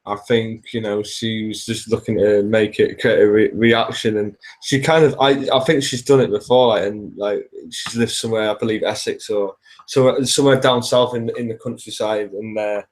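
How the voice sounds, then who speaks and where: A man's voice: lowish voice, steady tone, normal speed, low-quality recording. A young man, a hip hop group member chatting casually as a guest, swearing and laughing easily. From North Yorkshire. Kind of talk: casual chat.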